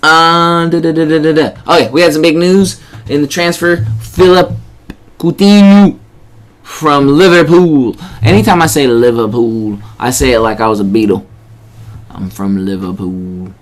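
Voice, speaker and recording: A man's voice: on the high side, normal speed. A man hosting a casual sports podcast, ranting and swearing often. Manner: animated, profane, rants. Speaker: podcast host.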